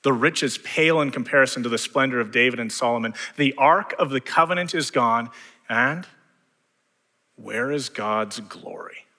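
A man preaching a sermon as pastor, building to fervent emphasis and dropping to hushed lines. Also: medium pitch, moderate pace, in a large hall.

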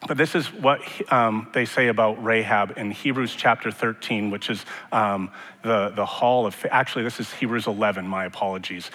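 Bright-voiced preacher in a reverberant sanctuary. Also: male voice, on the low side, fairly even intonation, moderate pace. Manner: conversational, joking asides. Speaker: pastor. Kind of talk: sermon. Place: church sanctuary.

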